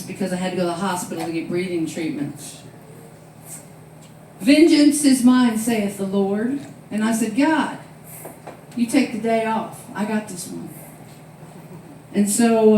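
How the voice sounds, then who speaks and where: A woman performing a stand-up comedy set in a club, telling stories with loud acted-out quotes. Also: medium pitch, distant mic, slight background noise. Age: 60s. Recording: very echoey room, voice off-mic.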